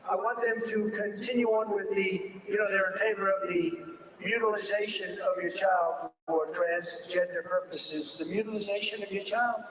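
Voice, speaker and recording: A man's voice: high voice, fairly even intonation, normal speed, a crowd in the background. An older man giving an off-the-cuff political speech, rambling and repeating himself as he digresses. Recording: distant echoey room with background noise.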